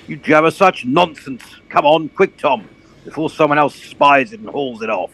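A man's voice: a little high, normal speed, vocal fry. A man playing a pompous, blustering old colonel who hunts for bargains. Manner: blustering, posh, excitable.

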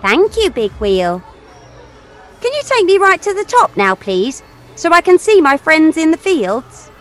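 A woman voicing a cheeky young girl in a children's audio story, bright, playful and sing-song. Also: very high voice, big pitch swings, unhurried, faint music behind, exaggerated voice. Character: cheeky young girl who teases machines.

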